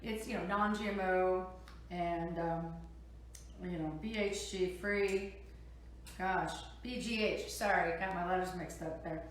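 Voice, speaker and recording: A woman's voice: on the low side, steady tone, slow pace, recorded from a distance, a little hiss or hum. A woman from Minnesota with a Minnesotan accent, hosting a casual cooking demo in her kitchen, chatty and upbeat with lots of fillers. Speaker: cooking show host. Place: home kitchen. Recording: echoey room from off-mic.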